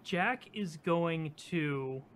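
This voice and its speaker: A man with a fairly high voice playing a tabletop role-playing game. He describes his character's moves in a rambling, animated way, full of fillers. Faint noise sits under his voice. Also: extremely slow. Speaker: player.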